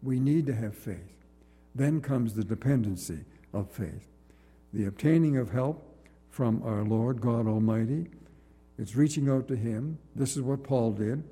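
A man preaching a sermon in an earnest, measured way, repeating phrases for emphasis, in a church. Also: mid-range voice, mellow, slightly rough, in a large hall.

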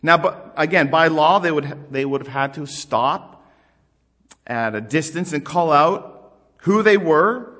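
A man with a slightly higher voice preaches with emphatic, rising and falling delivery. He turns to his listeners with questions. His voice rings out under a long hall reverb. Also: a little slow, a bit bright. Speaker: pastor. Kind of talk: sermon.

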